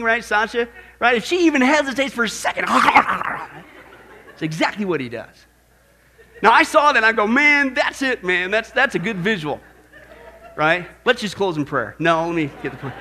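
A man's voice: very high-pitched, bright, forceful tone, slight background noise. A man preaching a sermon as pastor, emphatic and jokey, often checking in with his listeners by asking "right?".

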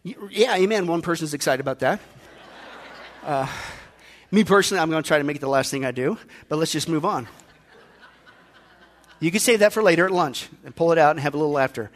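A man preaching a sermon as pastor, lively and joking, often calling out to the congregation. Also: on the high side, fairly quick, long pauses. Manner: energetic preaching with jokes, frequent "listen" and "folks". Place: church.

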